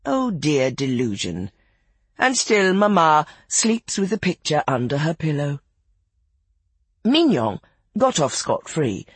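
A narrator reading a literary novel aloud in an expressive, measured audiobook style. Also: medium pitch, husky, dry recording.

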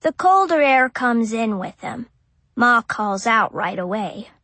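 A woman's voice: a little high, lively intonation, takes it slowly, bright, forceful tone, dry recording. A woman reading an audiobook in first person as a small child, with simple childlike phrasing. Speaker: audiobook narrator.

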